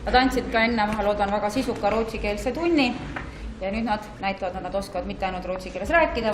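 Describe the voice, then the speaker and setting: A woman's voice: mid-range voice, racing, echoey room. A woman presenting the next act at a school assembly. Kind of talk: stage announcement. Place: school hall.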